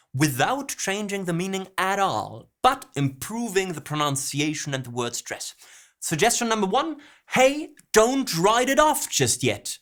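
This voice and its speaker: A man's voice: a little high, a bit bright. A man teaching songwriting, picking apart lyric lines by quoting them and re-stressing the words. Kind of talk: lyric analysis lesson.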